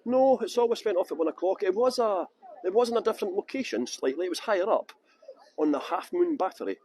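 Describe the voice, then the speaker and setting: A man's voice: high-pitched, lively intonation, fast, darkish tone, a little hiss or hum, poor audio. A middle-aged Scottish man guiding a live-streamed tour outdoors, chatting and joking as he greets viewers by name. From Scotland. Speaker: tour guide.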